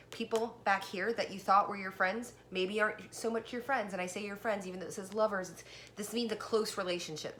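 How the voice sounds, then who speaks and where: A woman giving a casual tarot reading, chatty and excited, talking straight to the viewer and a little out of breath. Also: medium pitch, slight background noise. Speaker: tarot card reader.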